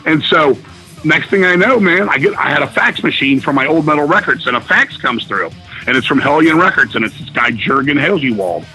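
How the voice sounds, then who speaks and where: A middle-aged man, a guest musician, telling stories in a casual interview, swearing often and talking excitedly. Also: a little high, fairly quick, soft background music, rough recording. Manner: profane, excited storyteller.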